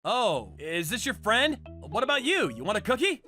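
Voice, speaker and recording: A woman's voice: medium pitch, sing-song, normal speed, sharp tone, soft background music. Alan, a woman voicing a clueless goofy guy. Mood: casual. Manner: casual, oblivious. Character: clueless goofy young man, easygoing. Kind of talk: animated storybook voice acting.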